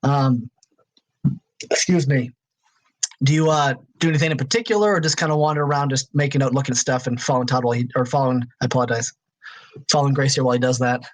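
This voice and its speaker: A man narrating as game master of a tabletop role-playing game, talking in halting bits with restarts. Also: mid-range voice, fairly even intonation, rough recording. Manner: halting, many restarts and fillers.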